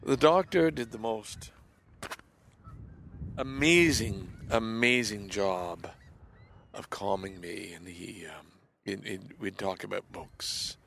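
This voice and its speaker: Gravelly, halting man confiding softly. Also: fairly low pitch, a little hiss or hum. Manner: halting and repetitive, trailing off into soft near-whispers. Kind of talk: confessional monologue.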